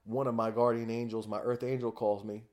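A man's voice: medium pitch, little pitch movement, fairly quick, a little mellow. A man, a podcast guest, telling his personal story in a candid, raw way, often swearing.

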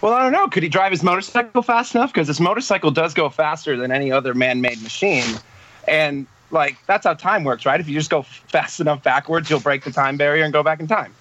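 A man's voice: fairly high pitch, fairly quick, sharp tone, highs cut off, slight background noise. A man arguing playfully on a casual podcast panel, laughing often and swearing. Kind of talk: casual comic debate.

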